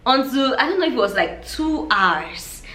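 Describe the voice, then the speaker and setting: Animated woman telling a storytime vlog. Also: sits high, moderate pace, roomy sound. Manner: animated storyteller who acts out her own reactions. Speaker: vlogger.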